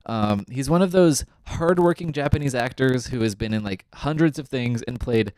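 A man's voice: mid-range voice, moderate pace, a little mellow, no echo. A man co-hosting a podcast, casually recapping a TV episode, chatty and often laughing, with lots of ums. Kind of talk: casual chat.

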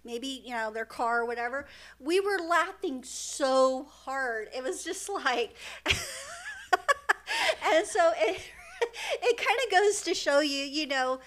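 A woman's voice: high voice, animated, slow, fairly bright tone. A middle-aged woman, a mother and podcast co-host, telling a funny story in casual chat and often laughing.

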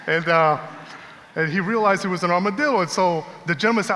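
Animated preacher in an echoing hall. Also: male voice, high-pitched, a little fast. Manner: conversational, animated storytelling with laughs. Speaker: pastor. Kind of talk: sermon with personal storytelling. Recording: long hall reverb.

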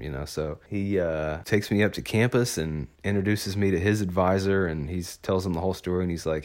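A man's voice: low-pitched, normal speed, hardly any pauses. A young adult man from Arkansas, telling a personal story in a casual, rambling way with lots of fillers. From Arkansas, USA. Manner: relaxed, rambling with many fillers.

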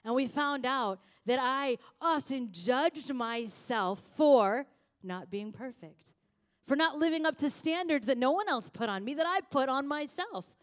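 A woman pastor preaching a sermon, telling stories with lively swings from hushed lines to loud ones. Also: high-pitched, unhurried.

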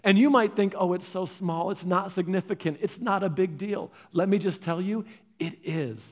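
A man's voice: high voice, moderate pace. Earnest man preaching a sermon. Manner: earnest storytelling, swinging from loud stresses to soft, hushed lines. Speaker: pastor.

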